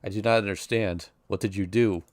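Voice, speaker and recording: A man voicing an ancient male vampire made of beasts, speaking slowly and gravely in bewilderment. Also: on the low side, steady tone, dry recording, natural voice. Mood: bewildered.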